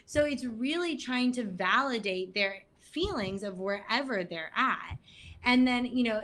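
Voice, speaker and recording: A woman speaking as a guest at an online event, chatty and animated, acting out bits of dialogue. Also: medium pitch. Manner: chatty, frequent "like", acts out quoted dialogue. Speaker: guest speaker on mental health. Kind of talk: casual talk at an online event.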